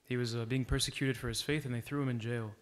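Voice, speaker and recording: A man's voice: medium pitch, steady tone, fast. A man preaching a sermon in a church, earnest and exhorting, telling a story to make his point.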